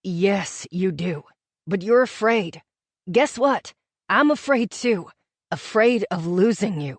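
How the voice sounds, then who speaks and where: Woman narrator doing a tender young lover, low-key and earnest, a soft pleading voice. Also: animated, slow pace, no room sound. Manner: gentle, soft-spoken, pleading. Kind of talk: audiobook character voice.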